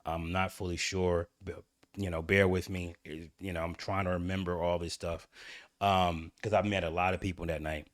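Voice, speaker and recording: A man's voice: low-pitched, flat delivery, moderate pace, no echo, clean studio sound. A man hosting his own channel, candidly telling a personal story in a rambling way with frequent restarts. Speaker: channel host.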